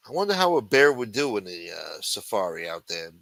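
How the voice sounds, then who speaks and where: A man with a bright, forceful voice reads news stories aloud and tears into them with crude, mocking asides. His delivery is sarcastic and full of profanity. The sound is close and dry, with no room around it. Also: fairly low pitch, sing-song, fairly quick, creaky, no room sound, poor audio. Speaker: livestream show host. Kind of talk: reading news articles aloud with commentary.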